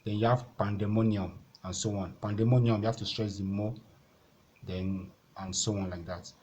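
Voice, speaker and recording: A man's voice: sits low, level tone, normal speed, darkish tone, slight background noise. A Nigerian man teaching an exam-prep lesson at a board, patiently repeating each point and filling gaps with "okay".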